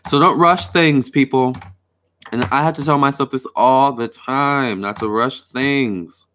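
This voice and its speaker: A man's voice: mid-range voice, a little slow, a bit bright, slight background noise. A young man hosting a live tarot and astrology stream, chatting casually with viewers and answering their comments. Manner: chatty, reads viewer comments aloud, repeats "all right" and "you guys". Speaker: tarot reader and astrologer host.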